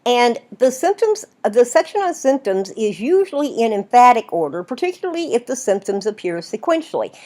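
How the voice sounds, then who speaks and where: Woman, writing instructor, recorded lecture, higher voice, very animated pitch. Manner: lively, explanatory, asks "right?" often.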